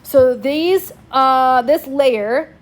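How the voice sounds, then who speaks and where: A woman's voice: high-pitched, drawn-out words. A woman teaching a class in a casual, chatty way, prompting students to answer back. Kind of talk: classroom lecture.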